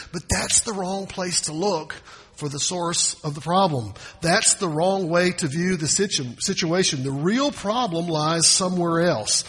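A man preaching a sermon with a husky, slightly raised voice. He is emphatic and circles back to repeat his key phrases. His words ring out in a church sanctuary with a long reverberant tail. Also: fairly high pitch, moderate pace, fairly bright tone. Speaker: pastor. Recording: reverberant hall.

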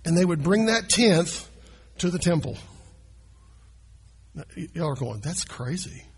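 A man's voice: on the high side, lively intonation, a little slow, breathy edge. A man, preaching a sermon as pastor and talking to his congregation in a conversational way. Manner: conversational, asks the congregation questions. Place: church sanctuary. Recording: long hall reverb.

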